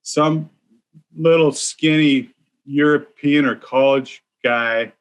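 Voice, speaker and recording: Dude on a podcast rambling about jumping into a hockey fight, does little voices for people. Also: male voice, a little high, fairly even intonation, slow, smooth. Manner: rambling, self-mocking, acts out quotes. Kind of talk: casual storytelling chat.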